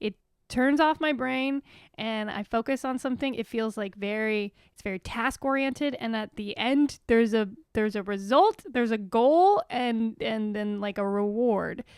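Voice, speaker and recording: Young philly woman on a comedy podcast, swears a lot, wired on coffee, high smooth voice, dry mic. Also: measured pace, dry recording. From Philadelphia suburbs. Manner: ranting, swearing, animated. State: over-caffeinated. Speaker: podcast co-host. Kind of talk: casual comedic chat.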